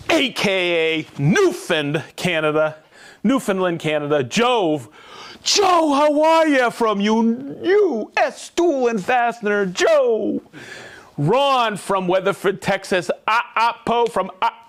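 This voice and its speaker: A man hosting a livestream, reading out viewer shout-outs in an upbeat, jokey way. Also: high-pitched. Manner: upbeat, jokey, rattling off names and places. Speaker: livestream host.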